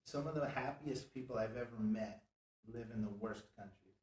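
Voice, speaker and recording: A man's voice: mid-range voice, normal speed, darkish tone. A man hosting a casual motivational chat in a studio, talking in an earnest, preachy way and leaning on "you know" a lot. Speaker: show host and business owner. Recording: roomy, distant from the mic.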